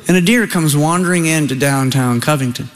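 A middle-aged man with a Southern US accent telling a comic story on stage, folksy and animated, talking to the audience. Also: a little high, a little fast, faint music behind. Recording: long hall reverb.

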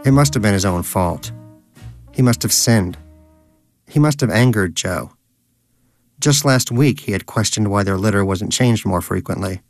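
A man with a low voice reads a story aloud in a dry, wry tone. Soft music plays faintly underneath. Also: moderate pace, pauses often, dry recording. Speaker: narrator. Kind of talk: scripted narration.

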